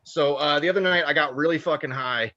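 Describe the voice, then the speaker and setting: Man, stand-up comic, profane storytelling, fairly high voice, muffled lo-fi stream audio. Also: a little fast. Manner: profane, animated, laughing at his own story. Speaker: stand-up comedian.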